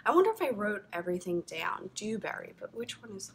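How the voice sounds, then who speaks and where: A woman's voice: mid-range voice, sing-song, normal speed, few pauses, pushed and bright, slight background noise. A woman hosting a knitting podcast, chatting to camera in a gushing, rambling way full of ums and likes. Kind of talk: casual chat to camera.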